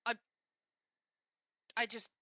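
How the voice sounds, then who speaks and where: A woman streamer in casual chat, telling stories with lots of energy and acting out quotes in a higher voice. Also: extremely slow, a little hiss or hum. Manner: animated storytelling, acts out quotes in a high voice.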